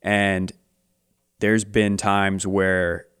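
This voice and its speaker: A man's voice: deep voice, flat delivery, drawn-out words, fairly bright tone, clear, resonant tone. A man co-hosting a faith podcast, chatting casually and playfully as a self-described devil's advocate, often restarting his sentences. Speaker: podcast co-host. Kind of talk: casual chat.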